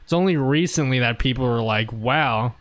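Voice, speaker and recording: An Australian man streaming a game, chatting casually in a relaxed, rambling way, clearing his throat often. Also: medium pitch, measured pace. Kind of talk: casual chat while playing.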